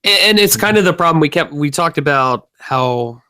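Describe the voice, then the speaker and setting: A man's voice: on the high side, lively intonation, moderate pace, pushed and bright, clean tone, no room sound. Joking male podcast co-host. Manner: joking, punning. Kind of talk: casual chat.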